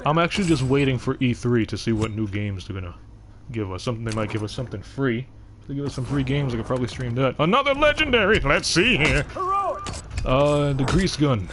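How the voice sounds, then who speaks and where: Young guy streaming, rambling on with lots of uh and restarts, voice not high not low, hiss all over the mic. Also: quick pace. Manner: rambling, chatty, frequent fillers and restarts. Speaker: game streamer. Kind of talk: casual live-stream chat.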